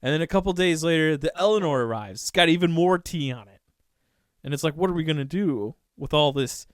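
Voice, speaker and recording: A man co-hosting a history podcast, telling the story in an animated, irreverent casual way. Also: on the high side, fairly quick, dry recording, studio quality. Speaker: podcast co-host.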